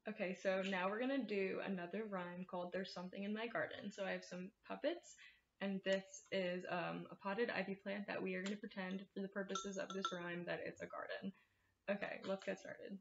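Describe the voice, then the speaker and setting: A young woman librarian leading a family storytime, reading picture books and rhymes aloud in a slow, sing-song way. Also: medium pitch, steady tone, gravelly. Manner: slow, sing-song read-aloud with playful animal sounds. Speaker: children's librarian. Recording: lo-fi, echoey room.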